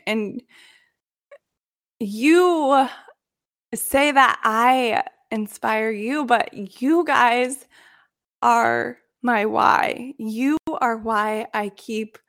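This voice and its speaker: A young woman who works as a coach, talking in a gentle, earnest and reflective vlog monologue, emotional at times. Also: fairly high pitch, no room sound, clean studio sound.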